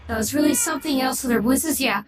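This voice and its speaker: High-voiced woman streamer, rambling. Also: fast. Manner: rambling and opinionated, with frequent restarts. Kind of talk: casual livestream chat. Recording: echoey room with clear background noise.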